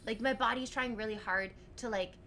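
A woman streaming live while sick, excitedly thanking her chat for donations, gushing, swearing freely and squealing. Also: on the high side, brisk, slight background noise.

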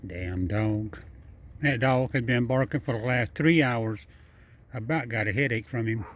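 A man's voice: mid-range voice, moderate pace, slight background noise. A man talking casually outdoors at night, coaxing a wild animal and rambling on with repeated phrases, chuckles and nonstandard speech. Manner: chatty and repetitive, coaxing and laughing, nonstandard speech. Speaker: vlogger feeding a wild raccoon. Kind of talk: casual running commentary to camera and animal.

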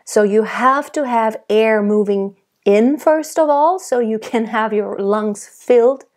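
A young adult woman giving a singing lesson, explaining technique calmly and demonstrating by singing. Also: fairly high pitch, slow. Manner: calm, explanatory teacher who demonstrates by singing. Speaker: vocal coach.

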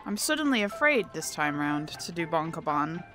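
A woman's voice: low voice, sing-song, moderate pace, over music. A woman talking to herself while playing a video game, thinking aloud and yelping when something startles her. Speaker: gamer. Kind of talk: casual gameplay commentary.

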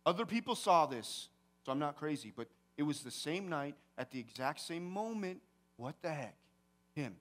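A man pastor preaching a sermon, telling a personal story with big swings from hushed to loud. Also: on the high side, normal speed. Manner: animated storytelling, swings from quiet to shouting. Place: church sanctuary.

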